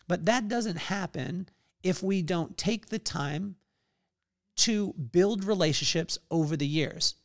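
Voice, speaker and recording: Guy doing a solo podcast, upbeat and chatty, slightly higher voice, studio mic. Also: vocal fry. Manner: energetic, conversational storytelling with quoted dialogue. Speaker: podcast host.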